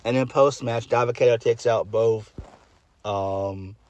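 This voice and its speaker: A man's voice: medium pitch, steady tone, unhurried, darkish tone, lo-fi sound. A man giving a casual solo review of a wrestling show, blunt and exasperated, swearing freely and trailing off into fillers.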